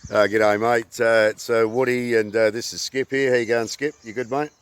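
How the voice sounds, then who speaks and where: An Australian man in his fifties hosting his channel in casual, halting talk full of fillers, recorded outdoors. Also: medium pitch, steady tone, slight background noise. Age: 50s. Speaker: channel host.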